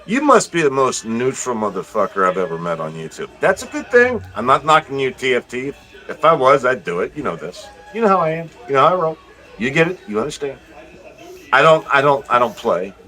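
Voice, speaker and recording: A man hosting a livestream, reading chat comments aloud and teasing viewers in a profane, joking way, swinging from loud bursts to low mutters. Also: sing-song, brisk, faint music behind, rough recording.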